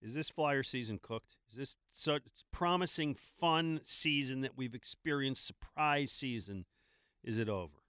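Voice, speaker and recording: A man's voice: medium pitch, unhurried, a bit bright, clean tone, no echo, studio quality. A man co-hosting a sports talk show, posing questions in casual chat with a wry manner and frequent restarts. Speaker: sports radio co-host.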